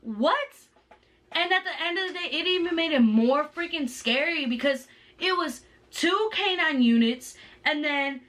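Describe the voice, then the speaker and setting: A woman with a high, bright, forceful voice tells a story on her vlog. She talks in an animated, slangy way. She sits a little back from the mic. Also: moderate pace, far from the mic. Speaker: vlogger. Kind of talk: casual storytime.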